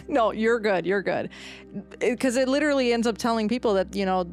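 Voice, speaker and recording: A woman's voice: a little high, a little fast. Casual: young woman hosting a history chat, does voices, laughs a lot, music faintly in the back. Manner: animated storyteller, puts on voices and laughs often. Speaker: podcast co-host.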